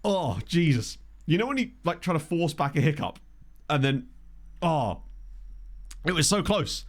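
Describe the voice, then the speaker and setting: A man's voice: on the high side, very animated, a little slow. A man hosting a casual livestream, jokey and self-mocking, laughing often into a desktop microphone. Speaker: streamer and game host. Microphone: desktop USB microphone.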